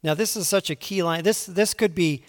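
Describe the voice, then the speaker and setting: A man preaching a conversational Bible teaching, moving between quiet asides and emphatic pleading. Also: high voice, normal speed. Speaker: pastor. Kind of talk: sermon. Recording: long hall reverb.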